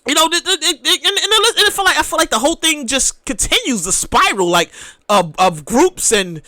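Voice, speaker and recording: Rowdy, slightly tipsy podcast host who rants and shouts, high-pitched, all over the place in pitch. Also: fairly quick, dry recording. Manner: loud, excitable, often shouting; rambling with many restarts. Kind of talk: casual podcast rant.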